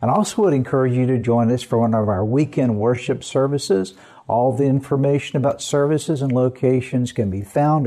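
A man's voice: mid-range voice, brisk, warm tone. A male pastor, giving a friendly, inviting promo for his radio program.

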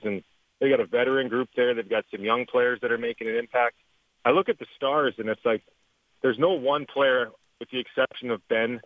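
A Canadian man and former hockey player talks through the game in a relaxed, chatty way, now and then laughing. His voice comes through a tinny phone line. The sound is dry and close. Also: medium pitch, no echo. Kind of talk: phone interview, hockey analysis.

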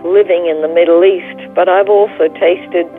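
A woman's voice: on the low side, fairly even intonation, moderate pace, soft background music. Woman telling a story over a phone line. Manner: earnest, vivid storytelling. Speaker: guest. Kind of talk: personal storytelling in an interview.

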